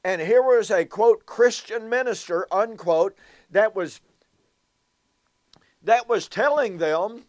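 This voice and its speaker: Earnest, high-voiced male Bible teacher. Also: no room sound. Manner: earnest storyteller, addresses listeners as folks; emphatic, slows down to stress key words. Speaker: Bible teacher and show host. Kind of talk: recorded Bible teaching talk.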